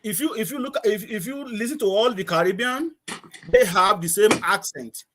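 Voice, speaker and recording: Guest, male, from Nigeria, high voice, rambling storyteller who restarts sentences and laughs a lot. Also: over a noisy crowd. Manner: halting, repeats words, laughs often. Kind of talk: casual storytelling conversation.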